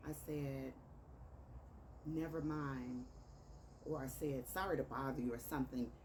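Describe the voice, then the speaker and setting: A woman with a Chicago accent tells a dating story in a low voice, bringing both sides of the texts to life. She sits a little away from the mic, and a steady background noise runs under her talk. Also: unhurried, distant mic. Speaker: author telling a dating story. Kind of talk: casual storytelling.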